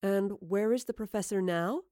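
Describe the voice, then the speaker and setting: A woman voicing a tall, cool-headed female supreme commander who speaks in a calm, arch, commanding way, in an audiobook. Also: mid-range voice, normal speed, dry recording, clean studio sound, natural voice.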